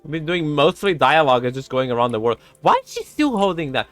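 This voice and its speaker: A man streaming a video game, chatting casually and excitably, cooing fondly at animals and laughing often. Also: fairly high pitch, fast talker, few pauses, dry recording, soft background music. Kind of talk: casual gameplay commentary.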